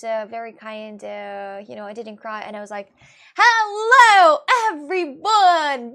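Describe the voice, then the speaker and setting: A woman's voice: on the high side, vocal fry. A woman with a chatting casually to her viewers, rambling and restarting with many fillers. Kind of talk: casual chat.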